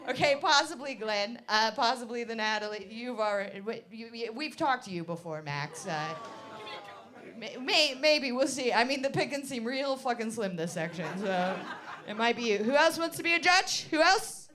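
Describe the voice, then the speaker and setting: She talks at normal speed with lively intonation in a voice on the high side, working the crowd as MC at a live comedy show. Her style is brash and teasing, with plenty of swearing. Loud audience laughter and chatter fill the venue.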